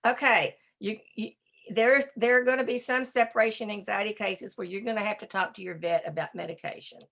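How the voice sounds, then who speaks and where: A woman giving a presentation on dog behavior, talking in a brisk, emphatic and conversational way. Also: mid-range voice, steady tone, creaky, fairly bright tone. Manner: talks to a slide assistant. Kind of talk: presentation lecture.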